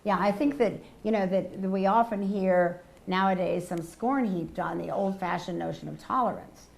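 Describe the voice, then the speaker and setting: An older woman answering audience questions at a public lecture, measured and thoughtful, often affirming with quiet yeahs. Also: medium pitch, vocal fry. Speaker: guest lecturer.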